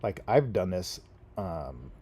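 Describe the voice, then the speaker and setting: A man's voice: low-pitched, sing-song, takes it slowly, dark tone, husky. A middle-aged man hosting a casual podcast chat, talking things through in a reflective way and swearing now and then. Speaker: podcast host.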